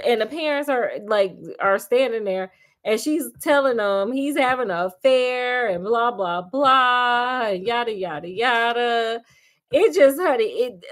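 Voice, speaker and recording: Sassy woman retelling a movie plot, slightly high voice, super chatty, keeps saying honey. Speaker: storyteller. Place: at home doing crafts.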